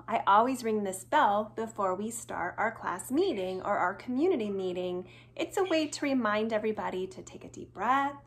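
A young woman teaching small children in a slow, sing-song, playful way, with exaggerated hellos. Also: fairly high pitch. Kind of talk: children's video lesson.

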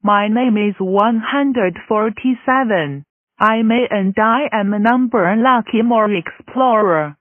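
A calm female number block from a cartoon, voiced by a woman, states her name at a very slow pace. The delivery is flat. The audio is tinny and dry. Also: a little high, dry recording. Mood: announcing.

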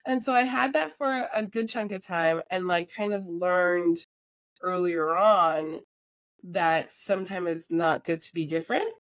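Woman, American accent, animated anecdotes, quick impressions, dry close sound. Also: mid-range voice, dry recording. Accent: American, with a British accent that comes out at times. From born in New Jersey, raised in England. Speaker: guest, voiceover artist and filmmaker. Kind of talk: casual interview storytelling.

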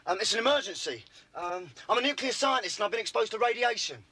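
Brief: jumpy man on the run; high, husky voice; evasive, hurried. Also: animated, bright, forceful tone, heavily acted. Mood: urgent. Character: nervous male fugitive hiding from police.

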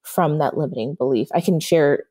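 A woman's voice: low voice, moderate pace, husky. A woman manifestation coach giving an interview, telling stories animatedly and checking in with "right?". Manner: animated storytelling, frequent "right?" check-ins. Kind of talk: podcast guest interview.

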